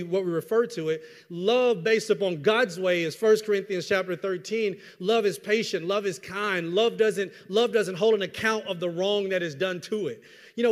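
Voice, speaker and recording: High-voiced preacher in a reverberant hall. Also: male voice. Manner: lively, conversational preaching with repetitions and asides. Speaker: pastor. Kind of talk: sermon.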